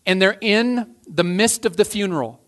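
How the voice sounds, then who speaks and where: A man's voice: sits high, normal speed, fairly bright tone. A man preaching a sermon as a pastor, earnest, often restarting and repeating phrases.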